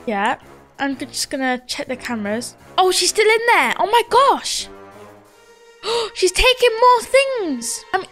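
A young woman narrates a game role-play and chats to her viewers. Her voice sits high. Faint background music plays under her. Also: fairly bright tone. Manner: chatty, talks to viewers as guys.

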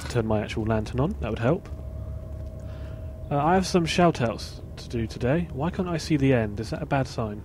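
A man's voice: mid-range voice, animated, normal speed, a little mellow, a little hiss or hum. A man hosting a let's play, giving casual gameplay commentary and muttering asides to himself.

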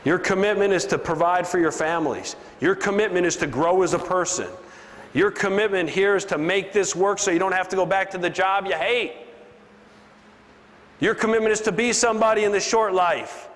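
High-voiced man preaching in a hall. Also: a little fast, fairly bright tone. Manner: preachy, punchy, drops into a low voice for emphasis. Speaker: business speaker. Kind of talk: motivational seminar speech. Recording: long hall reverb, faint ambience.

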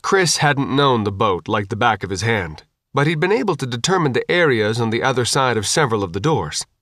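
Brief: male narrator, mid-pitched, measured reading, dry close studio recording. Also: sing-song, a bit bright, no echo. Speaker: audiobook narrator. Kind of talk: scripted audiobook narration.

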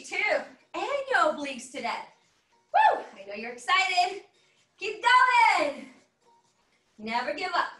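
Leading an online workout class, a woman exercises while cheering and coaching in a high-pitched, bright, forceful voice. She's upbeat, whooping as she goes, and a bit out of breath. Her laptop mic on the video call sits some distance away, leaving the audio roomy and distant.

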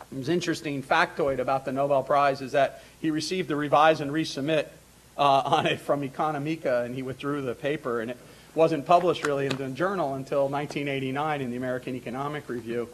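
A middle-aged man introduces a panel in a lecture hall, speaking informally with lots of fillers, restarts, and asides, along with light laughter. His voice is fairly high-pitched and a bit bright, and he talks a little fast.

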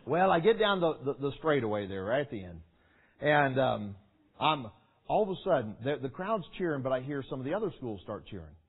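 Animated preacher man, tinny sound. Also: medium pitch, fairly quick, slightly rough. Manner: animated, acts out the story with shouts and sound effects. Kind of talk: storytelling sermon. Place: large meeting hall.

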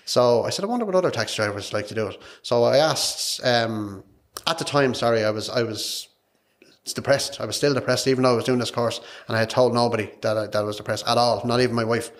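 A man's voice: medium pitch, steady tone, a little fast. An Irish man, a podcast guest, telling a personal story in a frank, emotional, rambling way, repeating his words. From Ireland.

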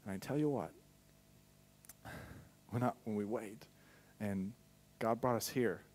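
A man's voice: on the low side, unhurried, slight background noise. Candid young male pastor preaching. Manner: candid storytelling with sudden loud bursts. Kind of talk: personal testimony sermon. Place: church.

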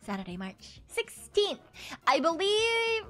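A woman VTuber streamer chatting casually and excitedly with her viewers, swearing freely and laughing often. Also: very high voice, takes it slowly, faint music behind. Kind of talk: casual livestream chat with viewers.

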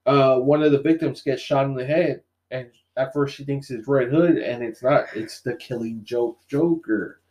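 A podcast co-host casually recaps a comic's plot, telling it with animation, quoting the characters along the way and using lots of fillers. He speaks at medium pitch and a moderate pace, with few pauses.

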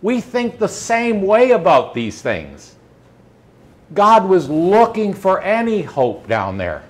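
Male preacher, slightly high voice, easy conversational sermon delivery. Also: wildly swooping pitch, takes it slowly. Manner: conversational, pleading, voices scripture quotes.

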